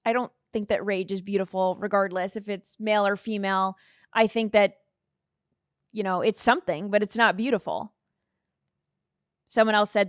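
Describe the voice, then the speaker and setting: A woman's voice: medium pitch, steady tone, moderate pace, pauses often, dry recording, studio quality. A woman hosting a live-stream commentary show, chatting in an opinionated way and reading out viewer comments. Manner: opinionated, conversational, reads out comments. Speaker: host.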